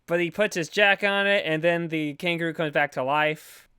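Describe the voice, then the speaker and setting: A man's voice: a little high, fairly even intonation, moderate pace, sharp tone, smooth, dry recording, studio quality. A man co-hosting a podcast, recapping a movie with goofy sarcasm and silly theories. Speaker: podcast co-host. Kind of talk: casual movie recap chat.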